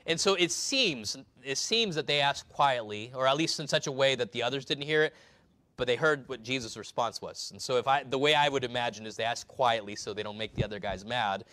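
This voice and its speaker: A man's voice: mid-range voice, animated, brisk, sharp tone. A man preaching a sermon in a conversational way, explaining scripture verse by verse.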